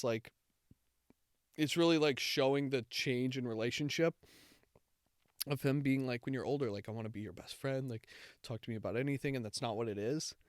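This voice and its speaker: A man's voice: medium pitch, clear, resonant tone, no echo, studio quality. A young man co-hosting a casual chat, telling a rambling, heartfelt story with many fillers. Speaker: podcast co-host.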